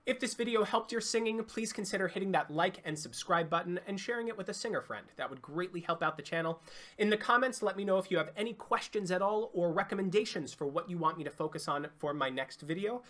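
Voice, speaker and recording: A singing coach giving an online vocal lesson, explaining clearly and demonstrating sounds. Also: medium pitch, expressive, fast, fairly bright tone.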